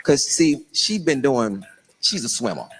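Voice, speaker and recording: Middle-aged male stand-up comic, punchy storyteller, very animated delivery. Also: medium pitch, measured pace, slight background noise. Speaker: stand-up comedian.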